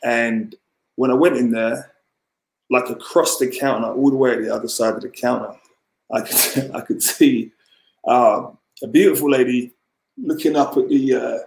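A man's voice: medium pitch, steady tone, moderate pace, gravelly, a little mellow. A man casually telling a long personal story as a podcast guest, rambling, with lots of fillers and restarts. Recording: roomy echo.

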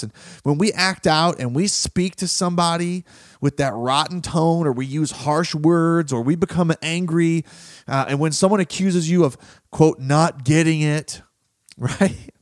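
A man's voice: a little high, no room sound, studio quality. A man hosting a motivational talk show in an earnest, conversational way. He often asks his listeners questions and laughs now and then. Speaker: podcast host.

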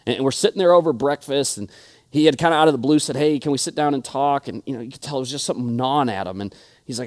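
A man's voice: medium pitch, fast talker, a little mellow. A young adult man preaching a sermon, telling stories earnestly and often restarting his words. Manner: earnest storytelling with repeated restarts. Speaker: pastor.

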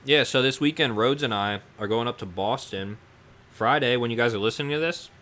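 A man co-hosting a podcast, telling stories in a relaxed, profane way among friends. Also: mid-range voice, fairly quick. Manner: laid-back, profane storytelling. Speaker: podcast co-host. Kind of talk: casual podcast banter.

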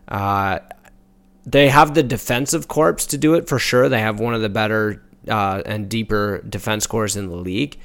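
A man's voice: lowish voice, moderate pace, fairly bright tone. A man co-hosting a casual hockey podcast, speaking bluntly and swearing freely. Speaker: podcast co-host. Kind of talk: casual sports chat.

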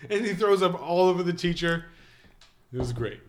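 A man with a slightly raised voice co-hosting a relaxed movie podcast. He talks with eager enthusiasm and drops casual swearing. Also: high voice, normal speed, slight background noise. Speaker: podcast co-host. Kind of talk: casual film review chat.

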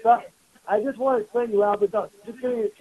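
A man's voice: very high-pitched, quick pace, narrow, tinny audio. A man, a rabbi, giving a Torah class sermon, emphatic and repetitive, firing rhetorical questions at his students. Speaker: rabbi teaching a weekly class.

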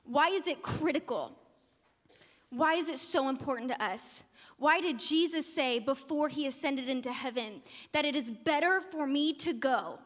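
High-voiced woman preaching in a reverberant hall. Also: fairly bright tone. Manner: conversational, laughs at her own jokes. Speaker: pastor. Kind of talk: sermon.

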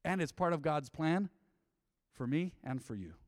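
Speaking with lively intonation at a moderate pace, this preacher in his fifties has a voice on the high side and leads his church congregation conversationally in call-and-response, having them repeat his phrases. The sound is clean studio quality with no echo, though it has a big-room feel.

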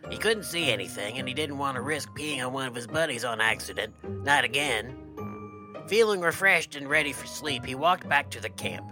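A man co-hosting a comedy podcast, telling a campfire tale with a folksy, deadpan drawl. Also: medium pitch, normal speed, over music. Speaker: podcast co-host and storyteller.

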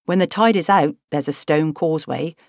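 A woman's voice: low-pitched, normal speed, a little mellow, no echo, studio quality. Woman doing a cheerful young Cornish boatman. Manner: easygoing, cheerful, teasing.

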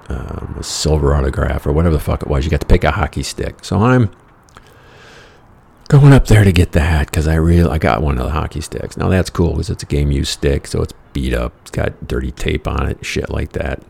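A man's voice: rumbling low, creaky, darkish tone, slight background noise. A man telling a casual anecdote in a wry, exasperated, profane way. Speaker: storyteller.

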